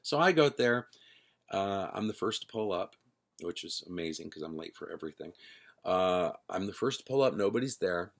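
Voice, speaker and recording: Man, middle-aged, deep voice, gravelly, rambling band story, self-correcting. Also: lively intonation, normal speed. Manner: rambling, self-correcting, acts out quoted dialogue. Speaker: band singer and founder. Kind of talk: casual spoken storytelling.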